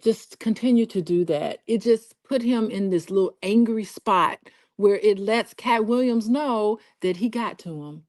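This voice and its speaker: A woman's voice: mid-range voice, unhurried, darkish tone, no echo, studio quality. A woman from Alabama co-hosting, giving frank, opinionated casual commentary. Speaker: co-host.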